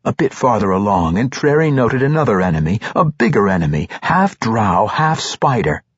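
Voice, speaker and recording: Male audiobook narrator, husky and measured, dry dull recording. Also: on the low side, no room sound. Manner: steady, measured storytelling. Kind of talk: scripted fantasy narration.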